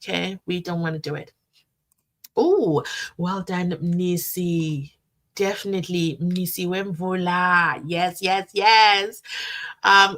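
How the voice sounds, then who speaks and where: Woman, live-stream host, animated and chatty. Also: fairly low pitch. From South Africa. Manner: animated, chatty, breaks into sing-song. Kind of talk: casual live-stream chat reading comments.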